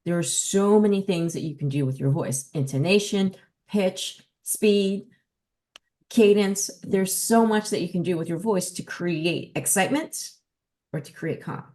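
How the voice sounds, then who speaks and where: Emphatic woman dog trainer, lowish voice. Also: unhurried. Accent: New Jersey. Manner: emphatic, lively teaching delivery. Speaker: dog trainer and podcast host. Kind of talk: casual podcast talk.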